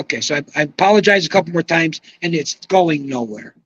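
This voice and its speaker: An older man telling an animated story as a podcast guest, excitable, swearing and acting out quotes. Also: on the high side, brisk, hardly any pauses, breathy edge, no echo.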